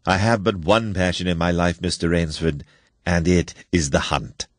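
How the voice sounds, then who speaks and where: A man voicing a courteous, aristocratic older general and hunter, speaking slowly with quiet menace, in an audiobook story reading. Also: sits low, no room sound, clean studio sound, lightly acted. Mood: suave. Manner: courteous, measured, slow menace.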